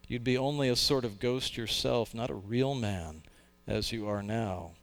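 A man voicing a lizard that clings to a ghost, talking in a hushed, coaxing, pleading way. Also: mid-range voice, unhurried, vocal fry, faint music behind. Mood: warning.

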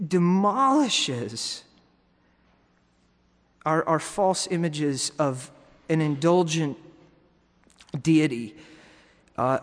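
Guy preaching a sermon, kinda high voice, long hall echo, stumbles and repeats words a lot. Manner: teaching, with frequent restarts and repeated words.

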